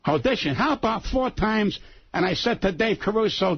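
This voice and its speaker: A man's voice: high-pitched, animated, moderate pace, slightly rough, dry recording. A man in his seventies, a comedian guest on a radio show, talking bluntly and profanely in a brash, combative way. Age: 70s. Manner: brash, blunt and profane, heavy New York street grammar. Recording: dull lo-fi radio studio audio.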